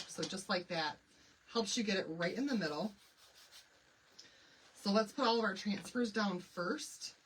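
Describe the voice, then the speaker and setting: A woman's voice: mid-range voice, fairly bright tone, far from the mic, slight background noise, poor audio. A middle-aged woman from Michigan hosting a casual live craft demonstration, chatting and greeting viewers by name. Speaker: craft livestream host.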